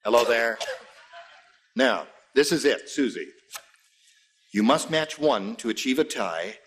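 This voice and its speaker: A man hosting a game show, explaining the rules in a brisk, jokey way. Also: medium pitch, lively intonation. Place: TV studio with audience. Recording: noisy studio with audience.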